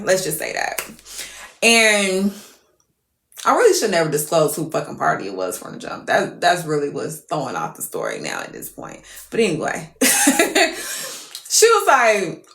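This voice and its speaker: A woman telling a story to viewers on a live stream, animated and profane. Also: mid-range voice, a little slow, gravelly, roomy sound.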